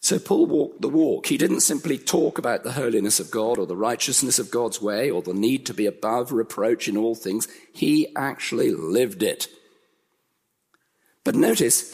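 Male preacher, unhurried, emphatic sermon delivery, reverberant hall. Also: mid-range voice, animated, a little mellow, breathy edge. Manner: earnest, emphatic, building repetition.

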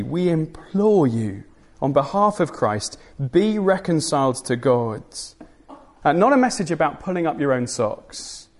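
Earnest male preacher, slightly high. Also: darkish tone. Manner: earnest and emphatic, with dry asides. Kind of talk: sermon.

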